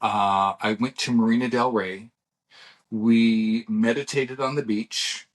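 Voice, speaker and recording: A man's voice: medium pitch, steady tone, slow pace. A middle-aged man co-hosting a podcast, chatting casually and telling rambling stories with restarts and acted-out dialogue. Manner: rambling storyteller who restarts and acts out dialogue. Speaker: podcast co-host. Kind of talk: casual chat.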